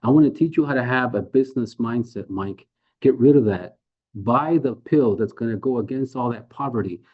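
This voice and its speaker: A man's voice: medium pitch, moderate pace, breathy edge. A man leading a sales training, talking persuasively with rhetorical questions and acted-out sales dialogues. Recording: phone-like narrow audio.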